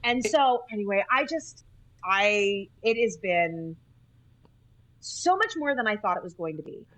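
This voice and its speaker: A woman from Utah, a nurse, telling animated stories as a podcast guest, often laughing and acting out what people said. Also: medium pitch, unhurried, rough recording. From Utah, USA. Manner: animated, laughing, acts out quoted speech. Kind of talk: casual interview storytelling.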